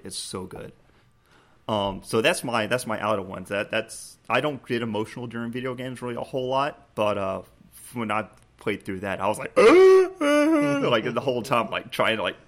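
A man's voice: fairly low pitch, vocal fry. A man co-hosting a casual gaming podcast, retelling a game scene with lots of restarts and quoted prompts. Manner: animated storytelling, many restarts, acts out game prompts. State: choked up, laughing. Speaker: podcast co-host.

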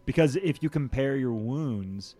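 A man running a tabletop game as game master, describing scenes in a relaxed way and laughing easily. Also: mid-range voice, unhurried. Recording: faint music under the voice.

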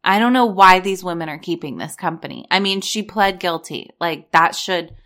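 Blunt, sarcastic woman commentator, lowish voice. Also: moderate pace, fairly bright tone. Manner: blunt, sarcastic, swears freely. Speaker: reality TV commentator. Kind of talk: casual commentary, reading court documents aloud.

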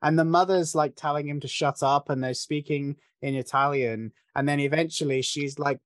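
A man's voice: fairly high pitch, steady tone, moderate pace, no room sound, studio quality. Analytical man in casual film chat. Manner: thoughtful, analytical, with frequent restarts. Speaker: podcast co-host discussing a film.

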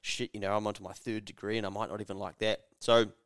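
A young man chats on a podcast, acting out the people in his stories and swearing freely. His voice sits low and comes across smooth and clean. The sound is dry and close to the mic. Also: little pitch movement, fast, no echo. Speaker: podcast co-host. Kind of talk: casual podcast chat.

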